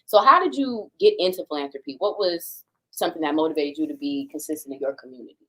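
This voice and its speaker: A woman podcast host with a lowish voice that moves a lot in pitch. She asks her questions in a relaxed, casual way and keeps backing her guest up with quick affirmations. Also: rough recording. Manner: supportive, affirming interviewer. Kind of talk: casual interview chat.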